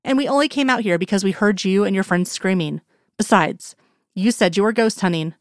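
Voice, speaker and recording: A woman's voice: medium pitch, a little fast, no room sound, close to an everyday voice. A woman reading the lines of a wry adult man with a dry, sardonic manner.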